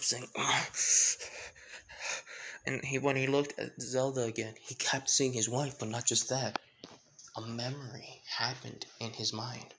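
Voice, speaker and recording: Slow, rambling man retelling a story. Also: mid-range voice, vocal fry, a bit bright, a little hiss or hum, low-quality recording. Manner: rambling, full of "pretty much" and "like", frequent restarts. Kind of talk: casual retelling of a fan-made crossover story.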